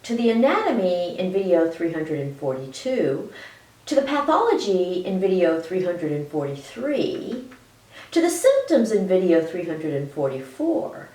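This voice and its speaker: A woman's voice: fairly low pitch, very animated, measured pace, warm tone, roomy sound, distant mic, rough recording. A woman presenting an educational video lecture in a chatty way, laughing between points and stretching words for emphasis. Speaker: health educator.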